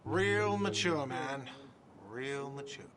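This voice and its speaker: A man's voice: medium pitch, animated, moderate pace, lightly acted. A man playing a whiny cafeteria manager. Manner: petulant and defensive. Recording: game audio over a crowd murmur.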